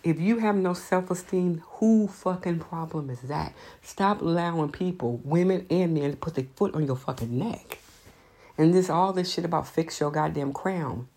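A woman speaks in a low register with a husky edge, delivering an unscripted monologue of blunt advice. Her talk is emphatic and laced with profanity, hammering each point home. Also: moderate pace, mellow.

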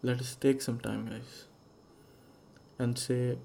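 Gravelly rambling man. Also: medium pitch, little pitch movement, slow, mellow, a little hiss or hum. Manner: rambling, musing and swearing freely. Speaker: podcast host. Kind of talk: casual solo podcast monologue.

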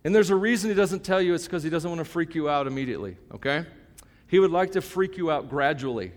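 Pastor, man in his fifties, slightly high voice, casual and joking, then emphatic; long hall reverb. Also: animated, a little fast. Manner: conversational, joking, emphatic preaching. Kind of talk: sermon.

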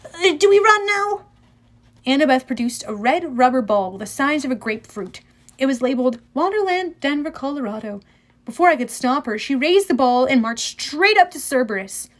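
A woman narrating a children's fantasy audiobook in the first person, lively and storytelling. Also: sits high, brisk.

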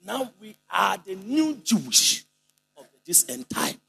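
A man preaching a sermon with fervor, leading the congregation in responses and breaking into shouted and sung phrases. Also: high-pitched, big pitch swings, slow, vocal fry, breathy edge.

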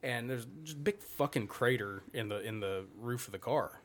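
A man's voice: medium pitch, moderate pace, fairly bright tone. A man in his thirties, a podcast guest, telling a rambling, profane story in casual chat. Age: 30s.

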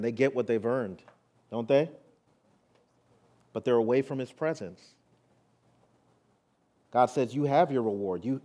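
A male pastor preaching a sermon, moving between hushed, intimate lines and rising, emphatic ones. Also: mid-range voice.

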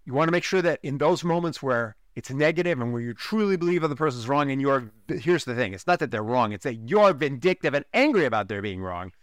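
A man's voice: mid-range voice, lively intonation, a little fast, hardly any pauses, no echo, studio quality. A man hosting a relationship podcast, giving an emphatic teaching monologue and repeating key lines for effect. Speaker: podcast host, relationship coach.

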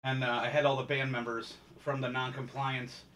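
A man's voice: mid-range voice, level tone, normal speed, fairly bright tone, a little hiss or hum. A man hosting a podcast, joking and telling stories in casual chat. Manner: joking, storytelling. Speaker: podcast host.

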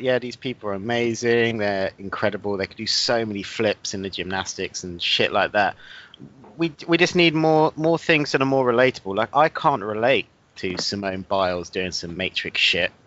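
A man's voice: mid-range voice, animated, moderate pace, sharp tone. A man co-hosting a casual joking chat on a dull lo-fi recording. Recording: dull lo-fi sound.

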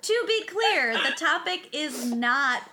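Very slow talking woman cohost, dry wry little jokes, casual chat. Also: high voice, sing-song, bright, forceful tone, a little hiss or hum. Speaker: podcast co-host.

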